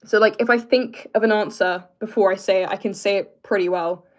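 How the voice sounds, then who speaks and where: Young British man streaming casually, halting and filler-heavy, keeping his voice lower than it wants to sit. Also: fairly even intonation. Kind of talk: casual live-stream chat answering viewers.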